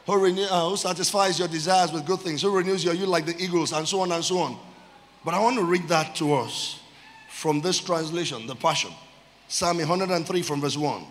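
A man preaching a sermon, calling out to the congregation and stretching key phrases with loud emphasis. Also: on the high side, a little fast, in a large hall. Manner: call-and-response with the congregation. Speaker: pastor. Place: church.

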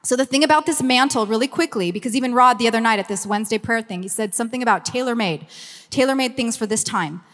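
A fifty-something woman with a Valley Girl accent from Southern California speaks to a church meeting, bubbly and chatty, full of "like". Her voice sits fairly high for a woman. It rings out with the long reverb of a hall. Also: quick pace, a bit bright. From Los Angeles, USA. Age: 50s. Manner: bubbly, effusive, chatty with frequent "like". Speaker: ministry communications director. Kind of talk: church meeting talk and prayer.

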